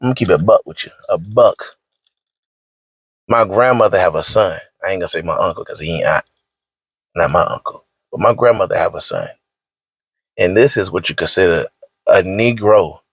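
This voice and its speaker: A man's voice: low voice, animated, moderate pace, long pauses, slightly rough, no echo. A man delivering a preachy, scolding rant in slangy speech, hammering his points home by repeating them. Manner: emphatic and repetitive, scolding, slangy. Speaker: online commentator.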